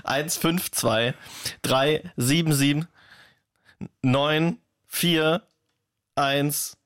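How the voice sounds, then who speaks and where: A man's voice: fairly high pitch, drawn-out words, a bit bright, clean tone, no room sound. A man playing a stern, bossy German police officer who gives orders in an official tone, with a dry studio sound. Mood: officious. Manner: officious, giving orders, breaks into laughs.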